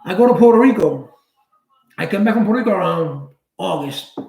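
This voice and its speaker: A man tells a story from his own life, casual and blunt, with street slang. His voice sits high for a man and leaps further up when he acts out someone else's lines. The room around him is roomy and echoey. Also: fairly quick, gravelly. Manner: animated, acts out quoted dialogue with big pitch jumps. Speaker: channel host.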